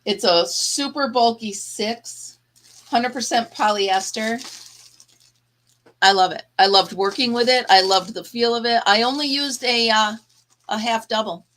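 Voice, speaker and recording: A woman's voice: on the high side, measured pace, a bit bright. A woman hosting a casual live chat, tired and yawning, chatty and laughing often as she talks to her viewers. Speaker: livestream host.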